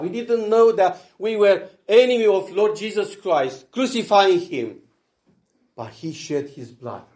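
A man preaching a sermon earnestly, swinging between loud emphasis and hushed asides. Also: high-pitched. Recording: echoey room.

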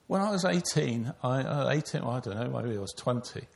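A man's voice: mid-range voice, expressive, a little fast, creaky. An older man preaching an earnest sermon, telling stories and speaking directly to children.

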